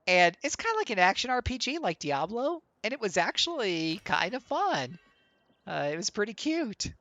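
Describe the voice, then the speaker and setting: A man's voice: high-pitched, very animated, moderate pace, sharp tone, no echo. A man streaming a game live, chatting and joking in a rambling way with many restarts. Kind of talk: live gameplay commentary.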